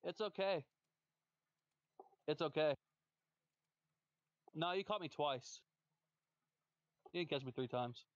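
A man's voice: fairly high pitch, takes it slowly, pauses often, dry recording. Scornful man with dull, dry audio. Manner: scornful, taunting, repeats his insults. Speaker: gamer on a stream voice chat. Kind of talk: trash talk between matches.

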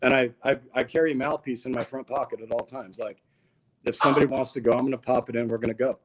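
A man's voice: mid-range voice, fairly even intonation, quick pace, noisy background. A man as a podcast guest, telling a long story in a casual, slangy, laid-back way. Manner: laid-back, slangy, peppers talk with "dude".

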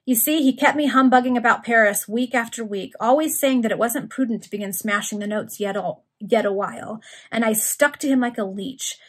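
A sulky male crook from old London, read by a woman. His husky, breathy voice stays at a middle pitch in a plain storybook reading. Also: natural voice.

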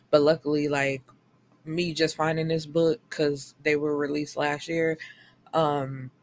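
A woman talks casually through a book review, blunt and frank, cursing freely and summarizing the plot with quick acted-out quotes. Her voice is low, with a slight hiss or hum in the recording.

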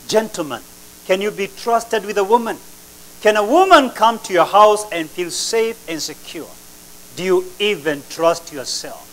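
A male pastor delivers a sermon in a high, raised voice at an unhurried pace. He fires rhetorical questions at his listeners and lets dramatic pauses hang. His loudness rises and falls sharply for emphasis. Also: expressive.

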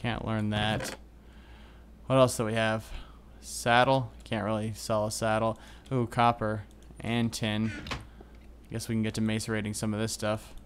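A man commentating his own game as he plays, excitable and groaning at setbacks. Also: lowish voice, unhurried, background noise. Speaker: gaming video host. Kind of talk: Minecraft let's play commentary.

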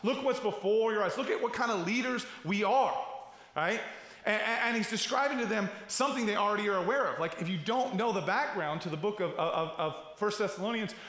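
A middle-aged man preaches a sermon in a high, bright, forceful voice. He talks in a loose, conversational way, full of asides, restarts and rhetorical questions. The recording is roomy, with the long echo of a large church hall. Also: a little fast. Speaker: pastor.

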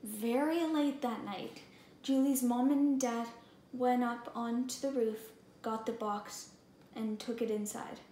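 A woman reading a picture book aloud in an expressive, deliberate way. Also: a little high. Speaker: storybook reader. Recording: echoey room, faint background hum.

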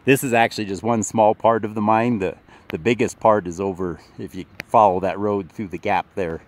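Middle-aged man, lowish voice, loose and chatty vlogger recording outdoors. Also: fairly even intonation, normal speed, a little hiss or hum. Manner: rambling, restarts often, chuckles. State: out of breath. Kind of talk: casual vlog narration. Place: outdoors near a mine, walking.

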